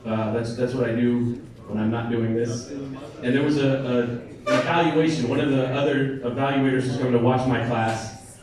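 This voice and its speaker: A man's voice: mid-range voice, little pitch movement, moderate pace, darkish tone. An American man performing a stand-up comedy set at a bar comedy night, chatting with and teasing the crowd. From United States. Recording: echoey room, mic from a distance, crowd laughing.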